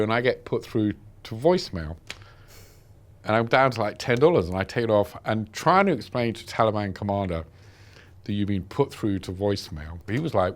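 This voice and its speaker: British man, vivid low-voiced storyteller. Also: lively intonation, moderate pace. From Britain. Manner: vivid storyteller, acts out dialogue. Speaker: journalist recounting captivity. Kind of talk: first-person interview account.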